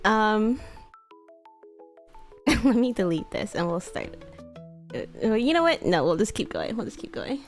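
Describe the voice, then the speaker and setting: A woman's voice: medium pitch, big pitch swings, a little slow, pauses often, faint music behind. A woman streamer chatting casually while role-playing, giggly and laughing often.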